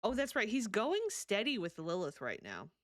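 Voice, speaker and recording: A woman's voice: medium pitch, huge pitch swings, normal speed, fairly bright tone, dry recording. A woman streaming a life-sim game, chatting casually and laughing often as she answers her chat. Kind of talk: casual live-stream chat while playing.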